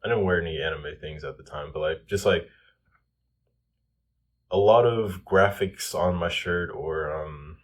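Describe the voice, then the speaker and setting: Young guy w a deep husky voice, rambly advice vlog, says like a lot. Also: measured pace, long pauses. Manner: loose, filler-heavy, lots of "like" and "um". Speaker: self-improvement vlogger. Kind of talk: casual advice talk.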